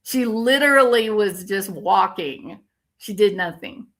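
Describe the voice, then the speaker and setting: An older woman with a bright, crisp voice talks casually on her livestream. She rants about online drama and stops to react to what her viewers type, in a loose, chatty way. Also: mid-range voice, expressive, unhurried. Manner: ranting, reacting to viewer comments. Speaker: true crime commentary host.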